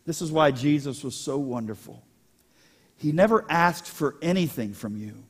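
A male pastor delivers a sermon with a somewhat high-pitched voice. He keeps it lively, teasing his congregation with jokes between serious points. His voice rings with long reverb in a church hall. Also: moderate pace, breathy edge. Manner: animated, joking with the congregation.

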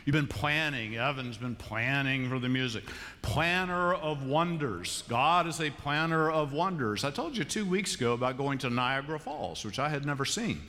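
A middle-aged male pastor preaches in a conversational, storytelling way. His pitch sits in a plain middle range, and he drops to hushed tones before rising into animated bursts. The sanctuary adds a long, echoing reverb to every word. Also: moderate pace. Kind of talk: sermon. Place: large church sanctuary. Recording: long church-hall reverb.

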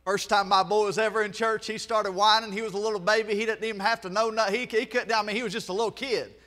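A pastor from the Southern US delivers a quick-paced sermon in the church sanctuary, his very high voice bright and ringing with fairly even intonation. Between rising shouts he tosses joking remarks to the congregation, and the hall adds a long reverb.

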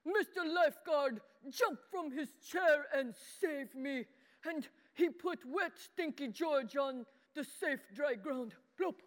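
Childlike boy puppet, high voice, slow delivery, broken grammar, long church-hall reverb. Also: a bit bright. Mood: earnest childish. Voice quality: broken childlike grammar, speaks of himself by name. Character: childlike boy puppet, simple-minded and earnest. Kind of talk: children's sermon puppet show.

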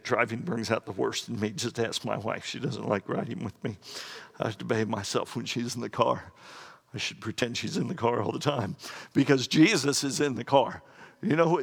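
A man's voice: mid-range voice, gravelly, fairly bright tone. A middle-aged man preaching a sermon as pastor, earnest and plainspoken, with quoted asides. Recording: echoey hall with long reverb.

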